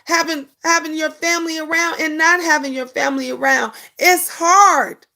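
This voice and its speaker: A woman's voice: high voice, steady tone, normal speed, creaky, bright, forceful tone. Emphatic woman hosting a live stream. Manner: emphatic and preachy, repeats her points. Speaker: livestream host. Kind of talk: casual live-stream chat reading viewer comments.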